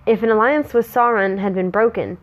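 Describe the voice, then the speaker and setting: A woman's voice: medium pitch, brisk, low-quality recording. A woman reading a fantasy story aloud in a casual way, sometimes breaking off to chat. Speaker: story reader.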